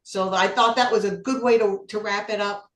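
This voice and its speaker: A woman's voice: mid-range voice, steady tone, normal speed, echoey room. A woman acting as general evaluator at a speaking club meeting, giving encouraging feedback on a speech. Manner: encouraging, apologetic when corrected.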